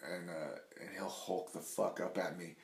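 A deep-voiced man chats as a podcast guest, rambling with plenty of swearing and filler words. His voice sits very low, and the room around him rings with echo. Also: steady tone, normal speed. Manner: rambling, profane, says "like" a lot. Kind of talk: casual chat. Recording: echoey room.

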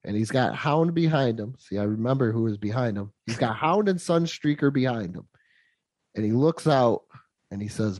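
A man in his thirties chats casually and enthusiastically about a movie he loves, with the nostalgic warmth of a true fan. His mid-range voice is expressive and darkish in tone, at normal speed, with no echo.

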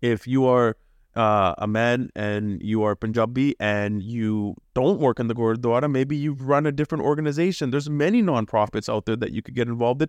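A young Canadian man co-hosting a podcast, talking with passion and preaching hard, swearing freely and jumping to high emphatic peaks. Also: moderate pace, clean tone, dry recording. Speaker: podcast co-host. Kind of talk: casual podcast chat.

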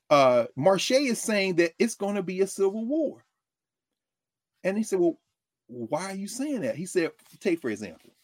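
A man giving a lively, conversational political commentary monologue, often acting out quotes from others. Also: fairly high pitch, slightly rough, no echo, studio quality. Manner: animated, conversational, quoting others in character.

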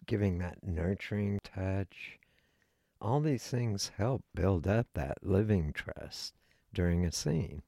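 Slow, gravelly low-voiced man. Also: expressive, mellow, dry recording. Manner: slow, deliberate and instructive. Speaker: podcast co-host. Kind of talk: casual podcast chat.

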